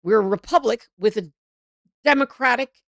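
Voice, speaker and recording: A woman's voice: a little high, normal speed, a bit bright, dry recording, studio quality. A middle-aged woman hosting a live political show, talking in a heated, rambling way with frequent restarts.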